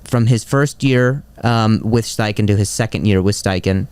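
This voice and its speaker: A man co-hosting a podcast, chatting casually and excitedly about football and walking through stats. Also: on the low side, moderate pace, clear, resonant tone, no room sound. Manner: excitable, repeats catchphrases, walks through stats. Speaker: podcast co-host. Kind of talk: casual sports chat.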